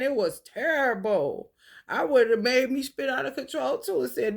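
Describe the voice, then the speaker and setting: A woman talking casually to her viewers, telling animated, profane stories with frequent laughter. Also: mid-range voice, moderate pace. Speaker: spiritual talk host.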